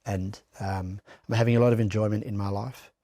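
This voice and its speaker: A middle-aged man with an Australian accent talks openly and bluntly about hard times. He swears without hesitation and restarts his sentences, and his voice sits on the low side. The sound is close and dry, with no room echo. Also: steady tone, a little fast, dark tone. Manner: raw, blunt, swears freely, many restarts. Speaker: interview guest. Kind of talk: candid personal testimony.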